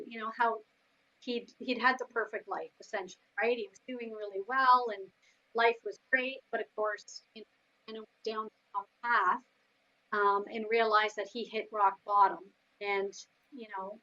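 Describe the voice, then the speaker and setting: Earnest woman, halting speech, dull recording. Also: a little high, steady tone, bright, forceful tone. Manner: earnest, halting with many fillers. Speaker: team member. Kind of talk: casual chat.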